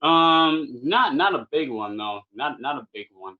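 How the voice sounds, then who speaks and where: A young man from California, a podcast guest, telling a long funny story in a casual, animated way, full of fillers like "man" and "or what have you". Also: a little high, unhurried. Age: young adult. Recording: dull lo-fi podcast audio.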